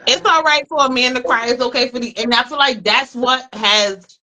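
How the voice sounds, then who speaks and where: A woman's voice: fairly high pitch, moderate pace, sharp tone. A young woman co-hosting a casual talk show, teasing the others and laughing often. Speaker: podcast co-host. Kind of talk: casual group chat.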